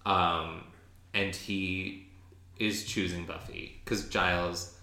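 A man co-hosting a podcast, chatting casually and excitedly as he recaps a TV episode, with many restarts and ums. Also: low-pitched, takes it slowly, roomy sound. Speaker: podcast co-host.

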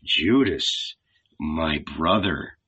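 A man voicing a gentle, resigned young man who speaks quietly and calmly. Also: very deep voice, drawn-out words, husky, highs cut off, pitched below the performer's own voice, exaggerated voice. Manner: quiet, soft-spoken.

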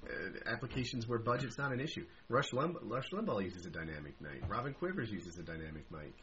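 A man's voice: on the low side, animated, brisk, a bit bright, lo-fi sound, a little hiss or hum. A man co-hosting a podcast, chatting casually in a teasing, skeptical way. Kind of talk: casual chat.

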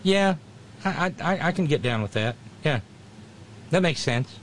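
A man's voice: on the high side, lively intonation, a little slow, a little hiss or hum. A middle-aged man, casually chatting and reading viewer comments, rambling with many restarts and wry asides. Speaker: livestream host.

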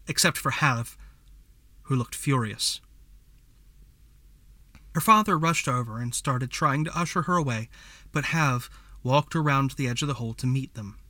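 A man narrating a fantasy story as a scripted audiobook reading, in a measured storytelling manner. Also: medium pitch, pushed and bright, dry recording.

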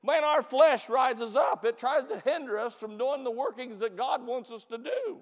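A man preaching a camp meeting sermon as pastor. He stretches and shouts key lines to the church, then drops into quick, quiet storytelling. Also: extremely high pitch, long reverb tail. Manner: preaches with loud drawn-out emphasis, calls out to the church.

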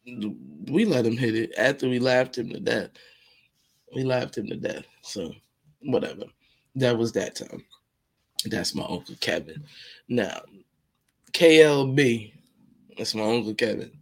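A man hosting a podcast, telling funny stories in a casual, animated, slangy way and repeating phrases for effect. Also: mid-range voice, measured pace, creaky, pauses often, husky. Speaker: podcast host. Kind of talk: casual comedic storytelling.

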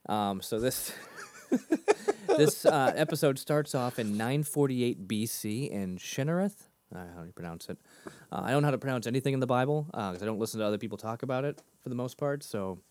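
A man's voice: mid-range voice, big pitch swings, darkish tone, no room sound. A man in his thirties from near Boston, co-hosting a podcast in a casual, rambling way and laughing at his own jokes. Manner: rambling, self-deprecating, quick to laugh. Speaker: podcast co-host. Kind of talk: casual chat.

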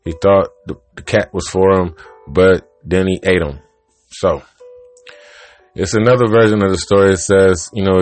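A man with a lowish voice rambles through a story, cursing freely and cutting himself off mid-thought. Faint music plays under his talk. His delivery is loose and unscripted. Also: no room sound. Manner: rambling, profane, self-interrupting. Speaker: podcast host. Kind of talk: casual monologue, telling an old joke.

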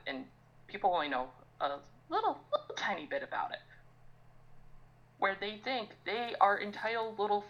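A woman's voice: on the low side, a bit bright, dull audio. A young woman ranting on a casual podcast, swearing often and sounding exasperated. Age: young adult. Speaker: podcast co-host.

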